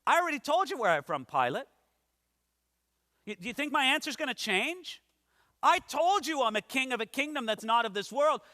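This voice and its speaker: A preacher voicing a firm, unshaken teacher. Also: male voice, very high voice, big pitch swings, moderate pace, sharp tone, pitched above the performer's own voice, full character voice. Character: calm, firm male teacher answering a ruler. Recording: long hall reverb.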